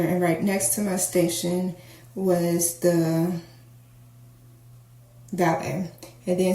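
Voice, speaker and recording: A woman casually telling a personal story to her viewers, candid and animated as she acts out the dialogue. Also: fairly low pitch. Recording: echoey room, faint noise.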